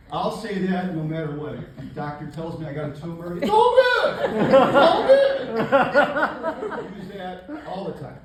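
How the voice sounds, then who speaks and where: An older man performing a stand-up comedy set on a club stage, with a deadpan, self-mocking delivery. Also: fairly high pitch. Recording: echoey live club, distant mic. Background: audience laughter.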